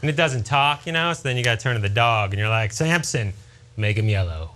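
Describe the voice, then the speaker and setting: A man's voice: medium pitch, expressive, fast, very noisy. A man in his forties doing a stand-up comedy routine with punchy joke delivery.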